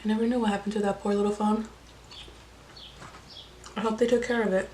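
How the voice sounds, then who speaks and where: A woman's voice: mid-range voice, flat delivery, fairly quick, darkish tone, a little hiss or hum. A young woman vlogger telling a casual story over a meal, chatty and full of "like" fillers and swearing. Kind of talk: casual storytime while eating.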